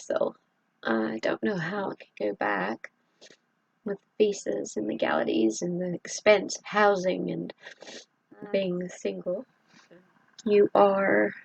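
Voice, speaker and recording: A middle-aged woman from Southeast Texas talking in a halting, earnest confessional vlog, with many pauses and fillers. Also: mid-range voice, vocal fry, darkish tone, slightly rough, no echo, muffled recording. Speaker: vlogger.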